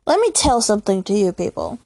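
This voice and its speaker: Very animated and brisk, a young woman with a mellow, medium-pitched, girlish voice chats casually on her own podcast. Recording from a room at home, she rambles on solo and laughs often.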